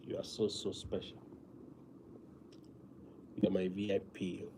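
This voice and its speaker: Man, live stream chat, feeling weak, slow and monotone, lots of um, noisy room. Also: low-pitched. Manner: soft, drawn-out talk with many fillers.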